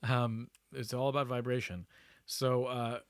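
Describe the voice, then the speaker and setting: A man co-hosting a podcast, chatting in a relaxed way and laughing easily. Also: mid-range voice, a little slow, smooth, no echo, studio quality. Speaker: podcast co-host. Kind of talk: casual spiritual discussion.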